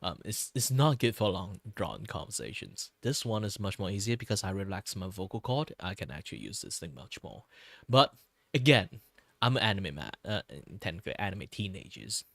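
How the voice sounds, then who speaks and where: A low-voiced man talks casually to his stream viewers. His voice is tired and wearing thin from a lot of talking. He rambles along with fillers and soft chuckles, close to a dry mic. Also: sing-song, brisk, creaky, no room sound. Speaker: VTuber streamer.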